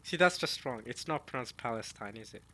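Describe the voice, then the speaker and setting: A man with a bright, forceful voice reacts casually to a manga chapter. He talks straight to his viewers and thinks out loud as he goes. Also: medium pitch, expressive, fairly quick, slight background noise. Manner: chatty, addresses viewers as y'all, muses aloud. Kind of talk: casual reading and reaction chat.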